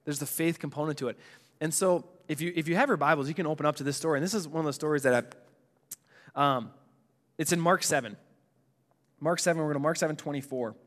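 A man's voice: a little high, fast, pauses often, a bit bright, in a large hall. A man preaching a sermon in an earnest, conversational way, full of restarts and casual asides.

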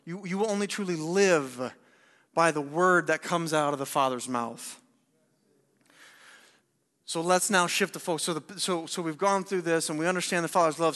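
A young man giving an energetic sermon, firing rhetorical questions and repeating words as he presses a point. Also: a little high. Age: young adult. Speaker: speaker at young adults service. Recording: long hall reverb.

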